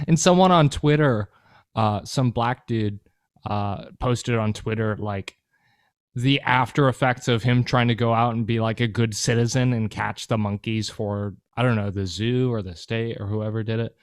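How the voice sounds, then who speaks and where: A podcast co-host chats casually, rambling, swearing, and joking. His voice is medium-pitched and clear with a resonant tone, at a moderate pace, on a dry, clean studio recording.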